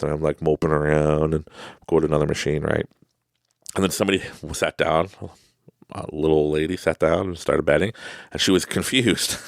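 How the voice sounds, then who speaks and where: A man's voice: a bass voice, creaky, no echo, clean studio sound. A man hosting a podcast, telling casual, rambling stories, laughing often and acting out quoted people. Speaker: podcast host. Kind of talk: casual storytelling monologue.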